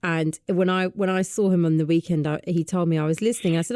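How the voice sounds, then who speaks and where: Low, mellow-voiced woman radio host. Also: fairly quick, dry recording, studio quality. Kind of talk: radio interview. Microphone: studio microphone.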